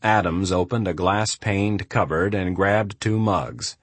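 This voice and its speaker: A man narrating a thriller audiobook in a steady, measured storytelling manner. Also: low voice, slightly rough, no echo. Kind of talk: scripted narration.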